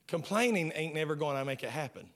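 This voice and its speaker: Talking fast in a highish, animated voice, this male pastor preaches a sermon that shifts from fervent shouts to quiet lines. He frequently repeats words when restarting.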